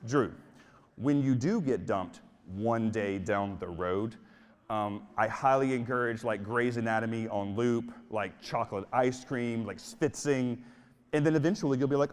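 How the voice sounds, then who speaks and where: A man's voice: medium pitch, unhurried, in a large hall. A man giving a motivational keynote talk on stage in a casual, playful, emphatic way. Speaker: motivational speaker. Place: stage in a large hall.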